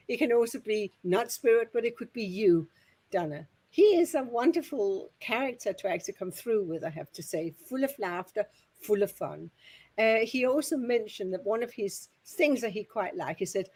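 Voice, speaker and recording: A woman's voice: mid-range voice, animated, moderate pace, a little mellow, slightly rough. A woman medium giving messages at a spiritualist service, chatty and rambling, often laughing.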